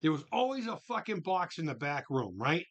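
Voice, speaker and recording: A man with a slightly high, sing-song voice talks briskly while hosting a casual livestream and reading viewer chat. He swears freely, exclaims in disbelief, and rambles, often restarting his sentences.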